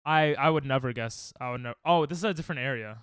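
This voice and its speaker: A young man streaming a game, chatting casually and reacting excitably to chat on a headset mic. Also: medium pitch, fast, clear, resonant tone, no echo, clean studio sound. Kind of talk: casual live-stream chatter while gaming.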